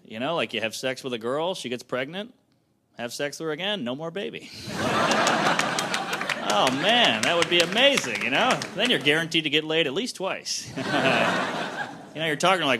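Animated young stand-up comic. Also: male voice, fairly high pitch, moderate pace. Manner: casual, self-amused, laughs at own jokes. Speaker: stand-up comedian. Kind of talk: stand-up comedy set. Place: comedy club stage. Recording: live comedy club, audience laughter and noise. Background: audience laughter.

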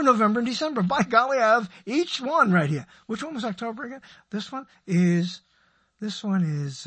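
A man's voice: high-pitched, fairly bright tone, breathy edge, no echo. A man hosting a solo talk show, rambling through digressions with playful asides. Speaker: show host.

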